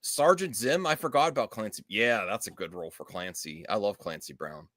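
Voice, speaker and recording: A man hosting a podcast, chatting casually about movies with animated, opinionated rants and quick asides. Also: on the low side, no room sound, studio quality. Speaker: podcast host.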